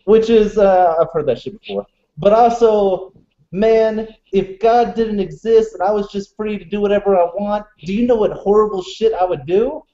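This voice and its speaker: A man's voice: sits high, normal speed. A man co-hosting a podcast, telling stories in casual chat, swearing freely and filling his talk with "you know". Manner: profane, animated storyteller with many fillers. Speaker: podcast co-host. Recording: dull lo-fi audio in an echoey room.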